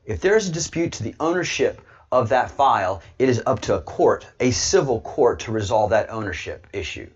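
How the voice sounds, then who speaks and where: A man's voice: mid-range voice, lively intonation, normal speed, hardly any pauses, husky, highs cut off. A man hosting an online video show, giving heated political commentary and repeating words as he pushes his point. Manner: emphatic, repeats words while pushing a point.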